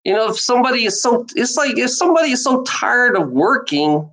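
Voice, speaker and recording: A woman's voice: sing-song, brisk, fairly bright tone, poor audio. Woman ranting with a swooping voice. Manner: rambling and profane, with many restarts; emphatic, pitch swinging widely. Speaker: vlogger. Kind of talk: casual unscripted rant.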